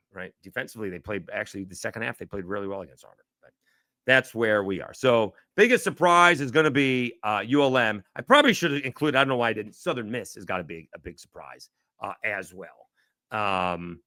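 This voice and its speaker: A man's voice: fairly low pitch, pushed and bright, dry recording, clean studio sound. A man hosting a sports podcast alone, talking casually and rambling, often correcting himself as he thinks aloud. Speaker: podcast host. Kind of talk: casual solo sports talk.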